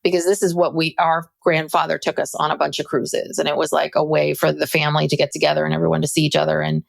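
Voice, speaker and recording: A woman's voice: low-pitched, little pitch movement, quick pace, gravelly. A woman co-hosting a podcast, talking in a chatty, loose way with many restarts. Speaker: podcast co-host. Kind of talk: casual chat.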